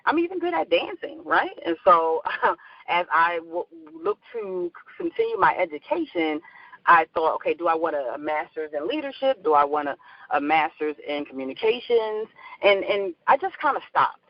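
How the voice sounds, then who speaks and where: A woman's voice: lowish voice, big pitch swings, normal speed, gravelly, no echo, dull audio. A middle-aged woman with a Philadelphia accent, a guest talking in a chatty, bubbly way, laughing often and repeating herself. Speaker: guest, life coach. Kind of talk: casual interview talk.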